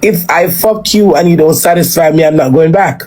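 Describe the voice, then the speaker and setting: A woman's voice: low-pitched, moderate pace, darkish tone. A woman with a Jamaican accent, talking bluntly and casually on a live stream. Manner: blunt and unfiltered, drifting into Patois.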